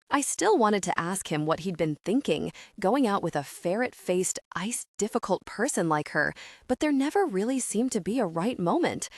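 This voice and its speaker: A woman's voice: medium pitch, dry recording, clean studio sound. A woman reading a young-adult audiobook in first person, with a chatty, wry teen-girl storytelling manner. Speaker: audiobook narrator.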